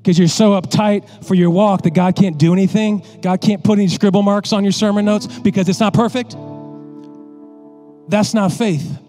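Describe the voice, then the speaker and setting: A male pastor preaching a sermon in an animated, joking way, talking straight to his congregation. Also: high-pitched, normal speed, soft background music.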